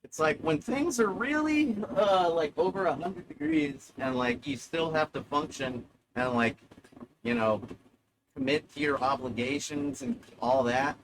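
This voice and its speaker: A man's voice: a little high, big pitch swings, unhurried, background noise. A man streaming live, rambling in a sardonic, self-mocking way and swearing freely.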